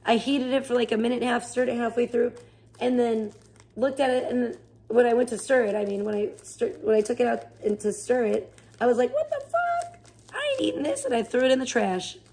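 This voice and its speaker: A woman's voice: a little high, steady tone, fairly quick, warm tone. A woman live streamer chatting casually, rambling and swearing as she rants in exasperation. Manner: rambling, profane, exasperated ranting. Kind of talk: casual chat.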